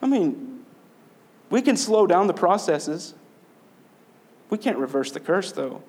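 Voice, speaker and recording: A man preaches with a slightly raised pitch, earnest and conversational as he talks with his congregation. He keeps asking rhetorical questions to draw his listeners in. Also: very animated, takes it slowly, a little mellow. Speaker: pastor. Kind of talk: sermon.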